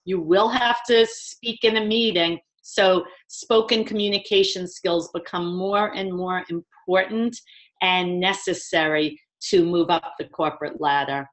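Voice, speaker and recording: A woman's voice: on the low side, fairly even intonation, measured pace. A woman with a New York accent, a communication trainer speaking emphatically in a webinar conversation.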